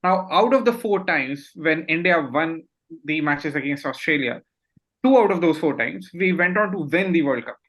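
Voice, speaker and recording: A man with a bright, forceful voice building his argument step by step. He works through the numbers in a methodical way, like a keen fan. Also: on the high side, expressive, moderate pace, rough recording. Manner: methodical, lays out facts and figures. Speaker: podcast co-host. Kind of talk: casual podcast chat.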